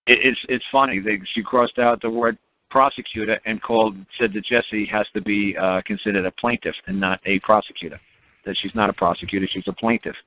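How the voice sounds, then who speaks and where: A man's voice: on the low side, fairly even intonation, fairly quick. A man rambling through a story on a phone call, repeating words and acting out quotes. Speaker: speaker on a call-in teaching line. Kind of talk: rambling casual phone talk. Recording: tinny phone line.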